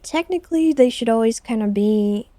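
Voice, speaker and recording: Brief: twenties woman, mellow tone, easygoing rambling talk during a roleplay patrol. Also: on the high side, normal speed, dry recording. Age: 20s. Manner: relaxed, rambling explanations with fillers. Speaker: streamer playing a police officer. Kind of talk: casual chat during roleplay.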